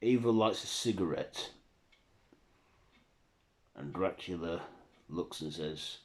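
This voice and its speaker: A man's voice: low-pitched, expressive, slow, long pauses, a little mellow. A man narrating a horror fan story in a plain, unpolished reading.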